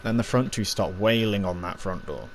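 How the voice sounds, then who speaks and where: A man's voice: deep voice, moderate pace, slight background noise. A man giving a casual, rambling spoken review, recapping scenes with lots of fillers and little acted-out quotes.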